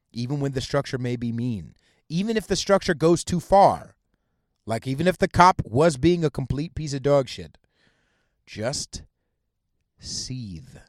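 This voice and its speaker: A man's voice: medium pitch, a little mellow, no echo, clean studio sound. A man hosting a podcast, delivering a heated, profane solo rant that mocks its targets and stumbles over restarts. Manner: stammers and restarts mid-sentence. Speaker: podcast host.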